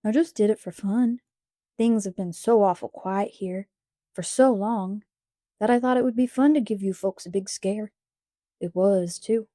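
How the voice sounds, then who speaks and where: A woman's voice: mid-range voice, unhurried, warm tone, no room sound, studio quality, natural voice. A woman voicing an impish six-year-old boy in a storybook reading, pleading and sobbing in childish slang. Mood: cheeky.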